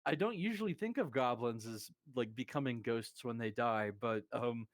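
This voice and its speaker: A man's voice: medium pitch, moderate pace, no room sound, clean studio sound. A man chatting casually as a player, talking in a loose, hesitant way. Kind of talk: casual chat.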